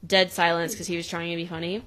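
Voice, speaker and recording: A woman's voice: lowish voice, little pitch movement, fast talker, background noise. A young adult woman co-hosting a podcast, retelling a show episode in casual chat and laughing often as she acts out the lines. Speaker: podcast co-host. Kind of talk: casual recap chat, acting out quotes.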